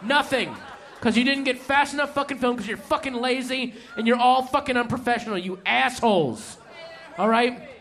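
A male comedian playing a furious, fussy magazine editor who berates his staff with loud profanity. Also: very high-pitched, moderate pace. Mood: berating.

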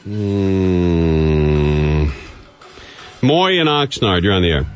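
A radio host man runs a call-in show from the studio with brisk, dry wisecracks. His pitch swings a lot as he talks, and faint music sits under him. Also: very animated, a bit bright. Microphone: studio microphone.

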